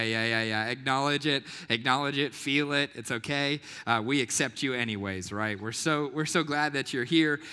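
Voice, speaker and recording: Bright-voiced pastor in a reverberant hall. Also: male voice, a little high, smooth. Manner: call-and-response with the crowd; casual and playful. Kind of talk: youth sermon.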